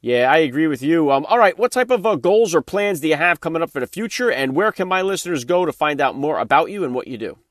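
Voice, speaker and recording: A man hosting a podcast talks quickly at a slightly raised pitch. He affirms his guest in a friendly way before moving on to the next question. The sound is close and dry. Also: animated, no echo. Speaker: podcast host, a father. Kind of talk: interview questions.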